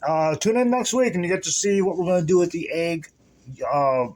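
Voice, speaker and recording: A man's voice: high-pitched, expressive, brisk, darkish tone, poor audio. Chatty man rambling in a kitchen. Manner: rambling, self-deprecating, chatty asides. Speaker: channel host. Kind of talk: casual cooking vlog.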